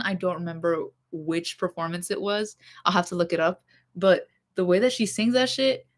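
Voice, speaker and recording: A woman's voice: mid-range voice, a bit bright. A young woman vlogger chatting casually about songs that move her, rambling with lots of fillers and laughing asides. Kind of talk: casual chat about music.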